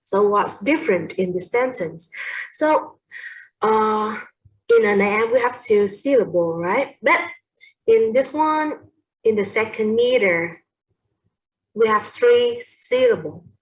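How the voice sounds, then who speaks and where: A woman's voice: fairly high pitch, animated, slow pace, low-quality recording. A young woman with a Vietnamese accent gives a class presentation on poetry, hesitating often with fillers and correcting herself as she goes.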